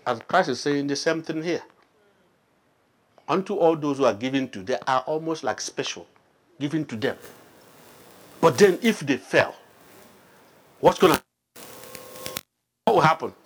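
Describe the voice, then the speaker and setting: A man preaching to a small congregation. His voice sits a little high and swings widely in pitch, and he keeps quizzing his listeners with questions. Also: expressive, unhurried, pauses often, breathy edge. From Nigeria. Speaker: pastor. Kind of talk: interactive sermon, Bible study.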